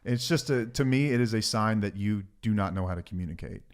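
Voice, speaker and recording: A man's voice: on the low side, fairly quick. A man co-hosting a podcast, talking earnestly with joking asides. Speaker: podcast co-host. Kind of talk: casual chat.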